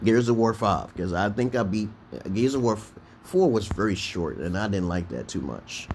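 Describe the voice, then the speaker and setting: A man from Brooklyn, New York, hosts a casual livestream, telling a rambling, profane story full of restarts. His lowish voice is animated and a little mellow, at a moderate pace, with slight background noise.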